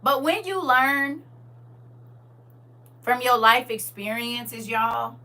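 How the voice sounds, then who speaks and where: A woman hosting a casual livestream chat, talking straight to her viewers in a playful, animated way and laughing often. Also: fairly high pitch, takes it slowly. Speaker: livestream host.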